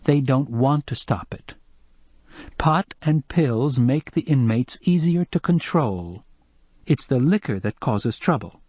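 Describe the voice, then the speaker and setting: A man's voice: medium pitch, animated, slow, darkish tone, no echo, pitched above the performer's own voice. A man voicing a frank, chatty woman in a storybook reading, in a dry, close recording. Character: woman, Laurie, outspoken wife.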